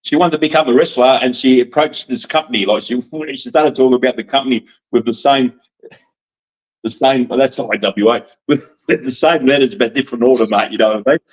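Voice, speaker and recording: A man's voice: medium pitch, fairly quick, lo-fi sound. A slightly drunk Australian man, a wrestling promoter, telling rambling, profane, boastful stories in a casual podcast chat. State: a little drunk.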